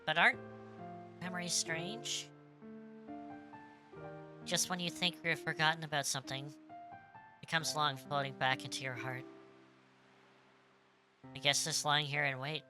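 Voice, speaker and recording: A streamer voicing a stern but gentle young woman, reading her game lines softly and wistfully. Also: mid-range voice, fairly even intonation, measured pace, pauses often, music in the background, natural voice.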